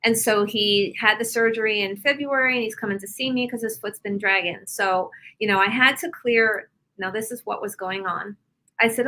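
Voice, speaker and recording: Brief: interview guest, woman healer, bright forward tone, animated storyteller. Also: medium pitch, moderate pace, rough recording. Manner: animated storyteller, explains with examples. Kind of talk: casual interview talk.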